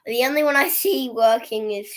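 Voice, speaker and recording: A woman's voice: a little high, moderate pace, a bit bright. A woman casually recapping a movie on a livestream, chatty and laughing often as she acts out the characters' lines. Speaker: movie reviewer.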